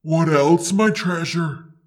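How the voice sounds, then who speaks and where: A woman voicing a huge, proud, possessive dragon who speaks slowly and scornfully in an audio story. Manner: slow, booming, scornful.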